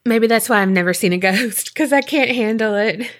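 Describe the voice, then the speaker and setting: A woman's voice: fairly high pitch, moderate pace. A woman podcast co-host in casual chat, playful and self-deprecating.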